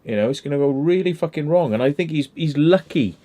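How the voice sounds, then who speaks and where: Brief: male host, emphatic swearing rant, voice on the higher side. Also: lively intonation, fast talker, mellow. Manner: blunt, heavy swearing, emphatic. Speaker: channel host. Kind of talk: casual ranting commentary.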